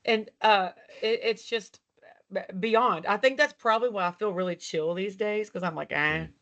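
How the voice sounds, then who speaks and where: Woman, country singer, from Texas, chatty storyteller, laughs and swears, mid-pitched voice, muffled video call audio. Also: moderate pace, a bit bright. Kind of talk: casual interview storytelling. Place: at home, walking around the house. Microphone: video call from a laptop.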